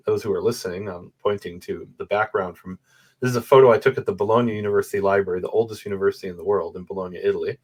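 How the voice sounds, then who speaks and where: With a lowish, husky voice, he talks rapid-fire. This guest scholar of Bible manuscripts, on a video call against a bookshelf photo backdrop, walks through his research step by step with animation and frequent "right?" checks.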